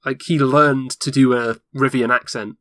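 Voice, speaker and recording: A man's voice: medium pitch, steady tone, normal speed, a bit bright, dry recording. Man chatting eagerly, dry close sound. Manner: enthusiastic, explains at length. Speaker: podcast co-host. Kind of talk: casual chat about a video game.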